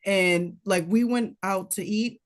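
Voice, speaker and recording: A young woman tells a story in easy, casual chat. She talks in an animated way and slips into livelier voices when she quotes people. Her pitch sits in the middle range. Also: takes it slowly. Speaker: guest.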